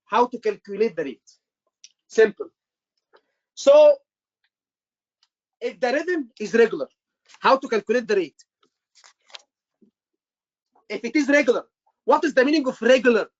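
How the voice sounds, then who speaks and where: An instructor walks a live class through a method step by step, repeating each point several times and firing short questions at the students. The voice sits at a middle pitch. It comes through a dull, lo-fi class recording. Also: animated, a little slow, pauses often. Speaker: medical exam instructor.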